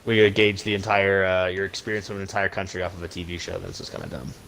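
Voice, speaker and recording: A man's voice: sits low, fairly even intonation, fast talker, creaky, a bit bright, slight background noise, rough recording. A man co-hosting a podcast, talking in a rambling, opinionated casual way. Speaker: podcast co-host. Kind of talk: casual chat.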